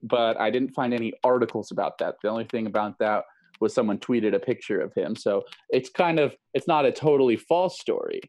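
A man co-hosts a casual podcast from a video call and runs a little headline-guessing game. His voice sits at an ordinary middle pitch, and his tone is easygoing. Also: brisk, a little mellow, rough recording. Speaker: podcast co-host.

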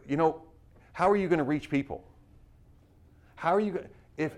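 Guy preaching to a class, keeps firing questions at them, restarts a lot, mid-pitched voice. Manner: exhortative, rapid rhetorical questions, frequent restarts. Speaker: preacher teaching a missionary class. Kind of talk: sermon-style teaching.

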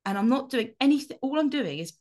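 A woman co-hosting a podcast, telling a story in an animated, sweary, casual way. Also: sits high, quick pace. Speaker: podcast co-host. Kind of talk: casual chat.

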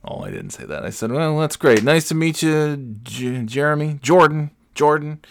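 A man hosting a podcast, telling a rambling, self-correcting story in casual chat and jumping up in pitch when he quotes people. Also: big pitch swings, normal speed, vocal fry, dry recording, clean studio sound. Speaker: podcast host.

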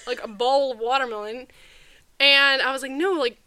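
A woman co-hosting a podcast, telling a story in a lively way and acting out what people said. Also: high-pitched, moderate pace, clear, resonant tone, no echo. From not from the US South. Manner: animated, acts out quotes. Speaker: podcast co-host. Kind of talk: casual storytelling chat.

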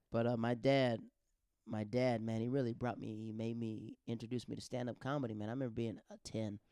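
A man hosting a podcast, telling stories in a casual, animated, slangy way and acting out the quotes. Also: medium pitch, smooth, dry recording, studio quality. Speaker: podcast host. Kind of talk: casual storytelling.

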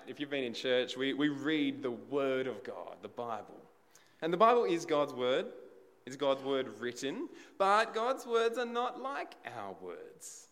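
A man's voice: mid-range voice, a bit bright, long reverb tail. A man preaching a sermon in a conversational way, asking the congregation rhetorical questions.

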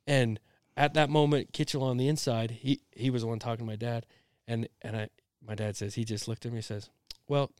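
An animated young man spins a story on a podcast, breaking into laughter as he goes. His voice sits at an ordinary pitch and comes across close and dry, with no room sound. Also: fairly quick, clean tone, no echo. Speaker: podcast co-host. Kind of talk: casual storytelling chat.

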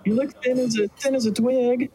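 A man's voice: steady tone, moderate pace, dark tone, husky. A man putting on a shrieking elven mama. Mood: fussing tender. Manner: shrieking falsetto, gushing and smothering. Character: doting elven mother, excitable and fussy.

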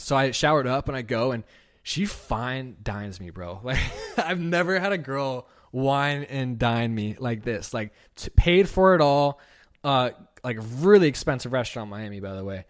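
A young man on his own podcast, recounting a personal story unscripted and heavy with swearing. He talks loosely, leaning on "like" and acting out both sides of the conversation, at a middle pitch. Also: moderate pace. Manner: casual, profane, heavy use of "like"; animated retelling with quoted dialogue. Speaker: podcast host.

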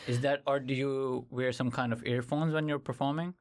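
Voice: medium pitch, steady tone, moderate pace. A podcast host interviewing a singer in a casual, filler-heavy way.

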